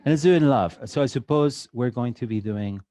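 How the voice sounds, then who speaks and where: A man's voice: medium pitch, a little fast, dark tone, no room sound, clean studio sound. A man with a Mexican accent giving a live drawing workshop to an audience, chatty and joking with many filler uhs. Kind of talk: casual live demo talk to an audience. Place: event hall with an audience.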